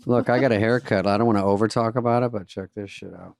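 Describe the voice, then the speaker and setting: A man's voice: lowish voice, steady tone, quick pace, gravelly, a little mellow, no room sound. A middle-aged man co-hosting a comedy podcast, telling stories in a sardonic, mumbling way. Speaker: podcast co-host. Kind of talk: casual comedy chat.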